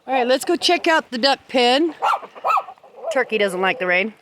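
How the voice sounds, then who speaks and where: A woman's voice: fairly high pitch, sing-song, normal speed, very noisy. Sing-song woman cooing at her hens. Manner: chatty, coos at the birds in a sing-song voice. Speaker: backyard poultry keeper filming her flock. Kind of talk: casual vlog, talking to her animals. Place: outdoor farmyard with pens in the rain.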